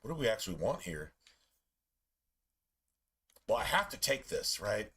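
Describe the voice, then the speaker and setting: A man chatting casually while streaming a game, telling profane, animated stories about his pets. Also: lowish voice, unhurried, slightly rough. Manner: animated, profane storytelling with playful put-on pet voices.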